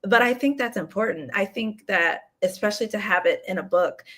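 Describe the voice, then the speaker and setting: A young adult woman from the US Midwest, an author chatting casually in an interview, relaxed and laughing often. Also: mid-range voice, brisk. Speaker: author guest.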